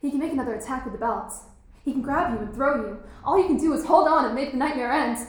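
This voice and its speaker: A woman's voice: sits high, quick pace, close to an everyday voice. A woman playing a cynical, intense teenage schoolgirl who mocks and provokes, in a stage play. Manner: provocative, mocking. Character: cynical, intense teen girl student. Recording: very echoey hall.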